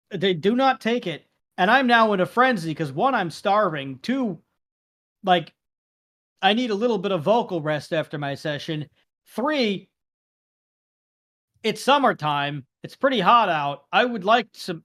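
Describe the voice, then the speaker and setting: A young adult man, co-hosting a podcast in casual chat, acting out the exchanges he tells with lively feeling. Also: high voice. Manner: animated storytelling, acts out quoted exchanges. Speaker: podcast co-host.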